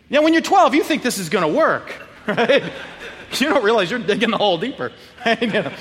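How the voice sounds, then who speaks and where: A middle-aged man, a pastor telling a personal story in a sermon, animated, laughing often and acting out quotes. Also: sits high, moderate pace. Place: church sanctuary. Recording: church hall reverb.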